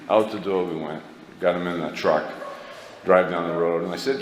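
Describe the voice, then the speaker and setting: Low-voiced man telling his story in a hall. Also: unhurried. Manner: self-mocking, rambling, laughs at himself. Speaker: recovery meeting speaker. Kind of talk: personal story talk. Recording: echoey hall, faint background noise.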